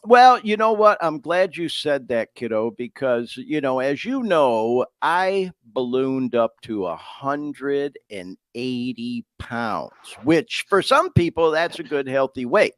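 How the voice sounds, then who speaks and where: A man's voice: mid-range voice, takes it slowly, few pauses, no room sound, studio quality. A middle-aged man from Detroit hosting a live podcast, talking in a casual, emotional way and often saying "y'all" and "man.". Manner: animated, emotional, calls listeners "y'all" and "man". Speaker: podcast host. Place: home studio in Sacramento.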